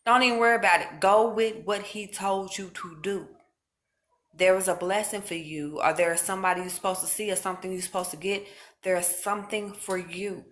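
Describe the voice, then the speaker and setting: A woman's voice: mid-range voice, steady tone, fairly quick. A woman speaking earnestly and informally to her viewers, giving casual spiritual encouragement. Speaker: faith vlogger.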